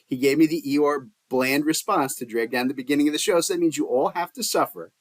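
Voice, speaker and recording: A man's voice: on the high side, fast. A man hosting a podcast in a jokey, playful way, laughing often as he chats with guests. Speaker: podcast host. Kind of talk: casual podcast chat.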